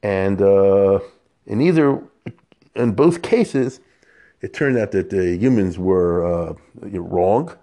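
A man with a fairly low voice teaches a Torah lesson. He talks conversationally and animatedly, asking rhetorical questions and mixing in Hebrew terms. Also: takes it slowly, warm tone. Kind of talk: Torah lecture.

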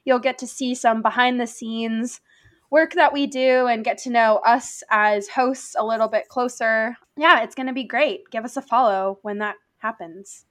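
A young woman with a fairly high voice chats as a podcast co-host. She teases her co-hosts and trips over quick restarts when she is unsure. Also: steady tone. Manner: quick, playful, halting restarts. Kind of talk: casual sports podcast chat.

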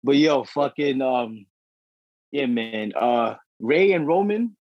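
A husky young man riffs on wrestling with a podcast co-host, cursing and tossing out slang as he gets worked up. His voice sits at a middle pitch and comes through dry and a little muffled, like a lo-fi recording. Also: slow pace, no echo. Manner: profane, slangy, excitable. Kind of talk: casual wrestling chat. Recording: dry dull lo-fi audio.

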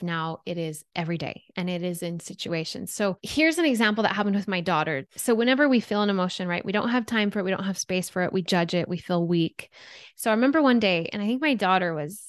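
A woman in her thirties, a podcast guest talking about emotions, telling stories with lively shifts into quoted thoughts. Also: medium pitch, dry recording, studio quality. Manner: animated storyteller, voices her own and others' thoughts. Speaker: podcast guest, anxiety coach. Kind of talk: conversational interview.

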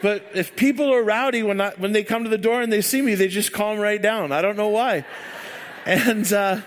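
A man's voice: sits high, moderate pace. A man giving a sermon as a church speaker, telling stories in a rambling, joking way full of fillers. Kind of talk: sermon with casual storytelling. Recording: long hall reverb.

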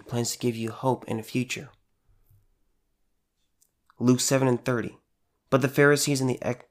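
A man giving an informal devotional talk in an earnest, conversational way, repeating phrases for emphasis. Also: mid-range voice. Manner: earnest, conversational, with repetitions and restarts. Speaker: preacher.

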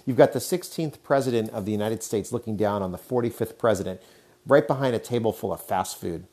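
A man with a very low voice hosts a casual solo podcast. He talks in a chatty, rambling way, laughing often and padding his sentences with fillers. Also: brisk, mellow. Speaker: podcast host.

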